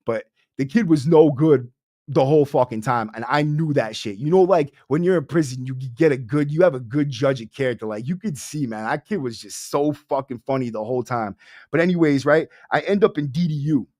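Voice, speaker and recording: This clip has a young male podcast host speaking fairly quickly in a dark, mid-range voice. He tells his livestream audience a casual, streetwise story, heavy on profanity and "bro." The audio is studio quality with no room sound.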